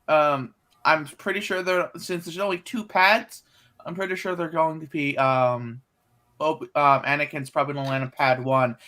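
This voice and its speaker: A man playing a tabletop game, talking in a halting, rambling way. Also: a little high, fairly even intonation, bright, forceful tone. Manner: rambling, halting, lots of fillers. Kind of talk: casual tabletop role-play.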